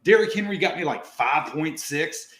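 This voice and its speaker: A man hosting a casual podcast, ranting and swearing a lot in an animated way. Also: fairly high pitch, normal speed. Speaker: podcast host. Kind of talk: profane casual chat. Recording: roomy echo.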